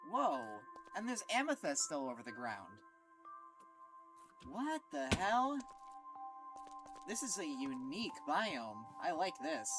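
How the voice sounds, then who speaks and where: A woman streaming a game, reacting in an excitable, foul-mouthed way and laughing often. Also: deep voice. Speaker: gaming streamer. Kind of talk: casual let's-play commentary. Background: game music.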